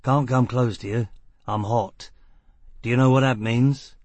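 A man's voice: mid-range voice, steady tone, darkish tone, dry recording, natural voice. A man doing a cool, mocking boss. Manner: brisk, mocking, self-assured. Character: cool, menacing male boss.

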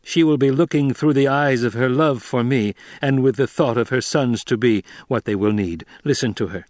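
A man voicing a resolute young ruler who speaks firmly and deliberately. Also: medium pitch, a little mellow, no room sound, clean studio sound, natural voice. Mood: commanding. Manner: firm, deliberate. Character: commanding young male ruler, cold and resolute.

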